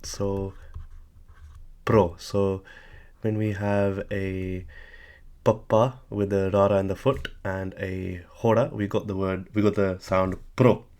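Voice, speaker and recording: Male language tutor, lowish voice, patient step-by-step explaining with self-corrections. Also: little pitch movement, slow pace, a little mellow, clear, resonant tone. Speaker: language teacher.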